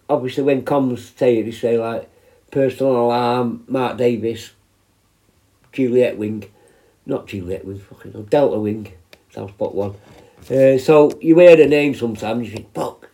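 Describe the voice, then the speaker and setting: Man in his fifties, prison healthcare worker, rambling casual storyteller, mellow low tone, swears a lot. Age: 50s. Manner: rambling and sweary, with many restarts.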